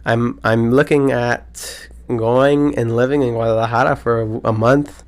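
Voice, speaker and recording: A man's voice: mid-range voice, a little slow. Solo podcast host, male, about twenty, hyped and rambling, heavy slang and cursing. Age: around 20. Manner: excitable, slangy, swears a lot, rambling. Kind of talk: casual solo podcast chat.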